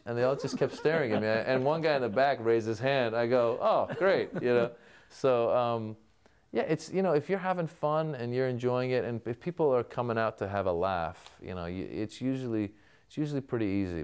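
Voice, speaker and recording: A man's voice: fairly low pitch, darkish tone, smooth. A man being interviewed as a comedian, answering in a storytelling way and acting out remembered exchanges. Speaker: comedian guest.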